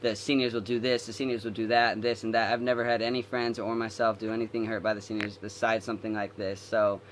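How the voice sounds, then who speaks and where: A man's voice: on the low side, little pitch movement, quick pace, a little hiss or hum. A young adult man telling a long story from his school days in a casual vlog, full of fillers and restarts. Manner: rambling, filler-heavy retelling. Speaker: vlogger.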